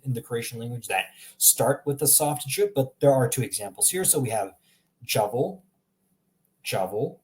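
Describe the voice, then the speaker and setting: Guy doing a casual language lesson, mid-pitched voice, rambly, laughs a lot. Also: darkish tone. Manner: chatty, repeats himself, laughs often. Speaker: language teacher.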